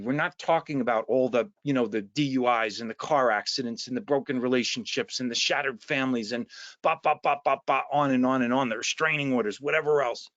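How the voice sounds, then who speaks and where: A man with a New Jersey accent giving an earnest, halting personal share at an online recovery meeting, full of restarts and fillers. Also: mid-range voice, fairly bright tone, dry recording. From New Jersey, USA. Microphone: video call mic. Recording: dull, lo-fi dry online call audio.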